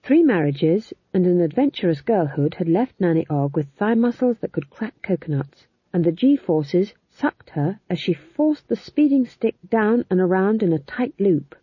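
A woman narrating an audiobook in a lively, expressive reading. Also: lowish voice, normal speed, few pauses, breathy edge, no echo. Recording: tinny phone-like sound.

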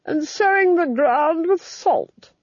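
A woman's voice: very high voice, lively intonation, no echo, voice pushed up, full character voice. A woman voicing a cruel, imperious duchess with a scornful, commanding manner, in a dull lo-fi recording. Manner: scornful, commanding, drawn-out delivery.

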